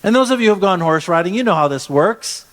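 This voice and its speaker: A man's voice: high-pitched, lively intonation, fast talker, a bit bright. A man pastor preaching a sermon in a conversational way, often restarting phrases and stretching words for emphasis.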